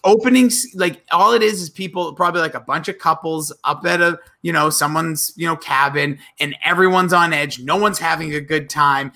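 A man's voice: on the high side, moderate pace, hardly any pauses. A man co-hosting a casual podcast, animatedly recapping comedy sketches, acting out the lines and laughing. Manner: animated, acts out quotes, laughs often. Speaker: podcast co-host.

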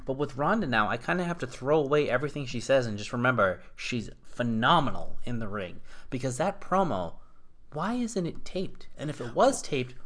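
A man's voice: medium pitch, animated, moderate pace, a bit bright. A young man co-hosting a casual chat, blunt and swearing freely, acting out example lines as he argues his point. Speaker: wrestling podcast co-host.

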